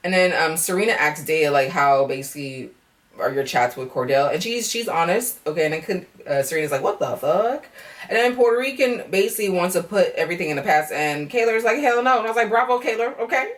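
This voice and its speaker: A woman's voice: on the low side, animated, brisk, far from the mic. A young woman recapping a reality dating show in a casual vlog, blunt and sassy, swearing freely and ending her points with "okay?" and "girl".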